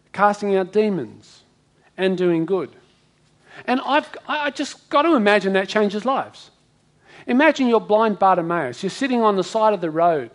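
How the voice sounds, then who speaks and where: A man preaching a sermon to a congregation, dramatic, acting out quoted voices with big swings in loudness. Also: high voice. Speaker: pastor.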